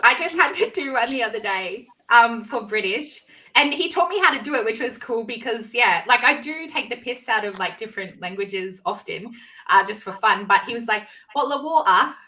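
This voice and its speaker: A woman's voice: a little high, moderate pace, pushed and bright. An Australian woman hosting a casual livestream with a bubbly, teasing, giggly way of talking. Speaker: livestream host. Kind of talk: casual chat.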